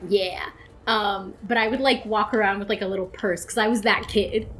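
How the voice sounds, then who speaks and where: A young woman of middle pitch tells a childhood story in a loose, rambling way. She giggles often and keeps reaching for the next word. Game sounds murmur faintly in the background. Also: fairly even intonation, normal speed, slight background noise. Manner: rambling, giggly, many "like" fillers. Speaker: host's girlfriend, co-host. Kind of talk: casual storytelling chat.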